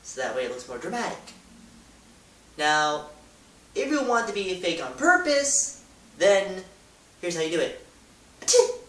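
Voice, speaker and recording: A man hosting a casual how-to vlog, talking in a goofy, rambling way with loud demonstrations. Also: sits high, very animated, unhurried, pauses often. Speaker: YouTuber. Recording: echoey room, distant mic, hiss.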